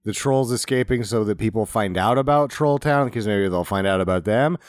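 A man's voice: lowish voice, fairly quick, no echo. A man co-hosting a podcast, giving dry, sardonic takes on a movie in casual chat. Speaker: podcast co-host.

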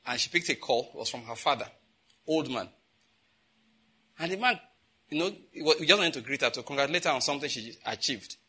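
Husky, bright-voiced preacher man. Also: mid-range voice, lively intonation, brisk, pauses often. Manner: rhetorical questions answered by himself, emphatic repetition. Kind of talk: sermon teaching.

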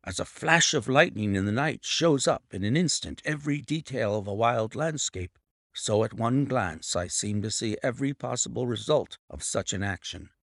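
Gravelly, expressive male storyteller. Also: mid-range voice, normal speed, no echo, studio quality. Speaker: audiobook narrator. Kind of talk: first-person audiobook narration.

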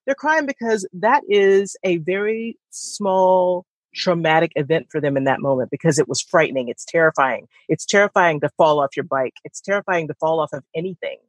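A woman's voice: low-pitched, normal speed, hardly any pauses, no echo, low-quality recording. A woman co-hosting a podcast, talking thoughtfully in a loose, rambling way with restarts. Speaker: podcast co-host. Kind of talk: casual conversation.

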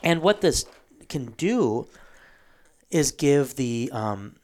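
A man hosting a casual theological discussion, explaining a book at length with frequent ums and throat clearing. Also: medium pitch, big pitch swings, drawn-out words, a little mellow.

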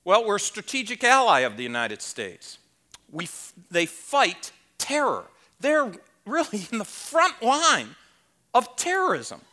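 Guy preaching at a conference, bright voice, big swoopy pitch, chatty and punchy. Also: wildly swooping pitch, measured pace. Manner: emphatic, conversational, with rhetorical questions and wry asides. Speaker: conference speaker. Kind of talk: sermon.

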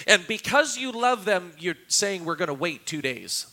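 A man's voice: high-pitched, big pitch swings, normal speed, bright, forceful tone. A man preaching a sermon as pastor, acting out quoted cries with a raised, dramatic voice. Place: church.

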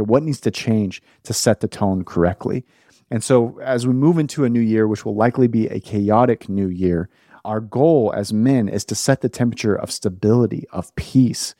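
A man's voice: fairly low pitch, dark tone, dry recording, studio quality. A man hosting a faith podcast, earnestly encouraging fathers before introducing a sermon. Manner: earnest, exhorting. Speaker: podcast host.

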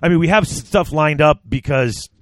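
A man's voice: fairly high pitch, normal speed, no room sound. Rambling male podcast co-host, dry sound. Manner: rambling, restarts sentences. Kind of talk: casual podcast chat.

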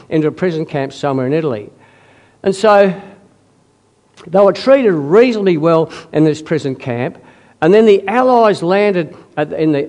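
A man preaching a sermon, telling a wartime story with frequent coughs and throat-clearing, building to loud, emphatic climaxes. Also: a little high.

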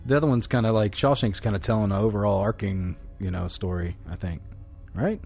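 A man co-hosting a casual movie review podcast, talking quickly and excitedly, swearing now and then. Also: lowish voice, breathy edge, soft background music. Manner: fast, animated, swears, retells scenes. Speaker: podcast co-host.

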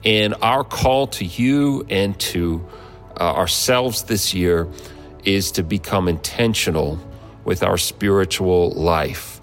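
Slow, measured man over soft music. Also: sits low. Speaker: pastor introducing the speaker. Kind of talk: sermon introduction.

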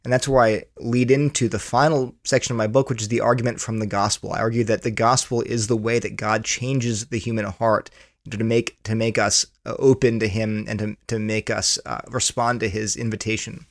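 A man's voice: lowish voice, flat delivery, fairly quick, no echo, studio quality. A man answering interview questions about his book, earnest and explanatory, often repeating words as he thinks. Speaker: author and guest.

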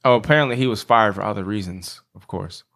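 A man's voice: lowish voice, quick pace, a bit bright. A man co-hosting a casual podcast chat, rambling with restarts and filler words as he builds his point. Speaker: podcast co-host.

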